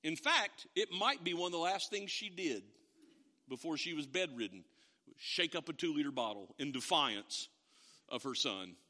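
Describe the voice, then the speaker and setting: A man preaching a sermon, telling a family story with animated, acted-out quotes. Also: a little high, moderate pace, long reverb tail. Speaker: pastor.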